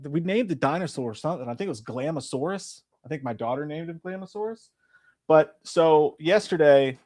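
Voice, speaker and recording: A man in his forties hosts a live stream, chatting casually as he rambles through a story laced with crude jokes. His voice is mid-range with a somewhat dark tone.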